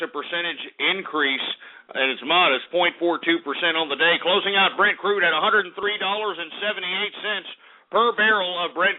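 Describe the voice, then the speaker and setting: Male talk-radio host, combative ranting market reporter, lo-fi phone-quality sound. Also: high voice. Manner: loud, crude, combative, swears at listeners. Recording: tinny phone-like lo-fi audio.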